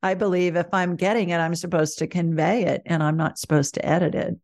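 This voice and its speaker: A woman's voice: fairly low pitch, fairly quick. A woman, a guest medium in a casual interview, telling stories animatedly and acting out the dialogue she quotes. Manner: animated storyteller who acts out quoted dialogue.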